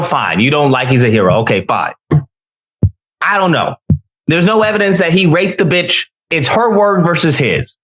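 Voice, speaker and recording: High, animated ranting man. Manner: loud, mocking, cursing constantly. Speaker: online commentator. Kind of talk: profane heated rant.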